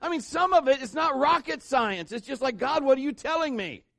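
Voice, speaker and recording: A man's voice: very high voice, lively intonation, brisk, vocal fry, fairly bright tone, dry recording. A man preaching a sermon in church, mixing jokes and acted-out quotes into his message. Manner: joking asides, voices quotes. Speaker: pastor.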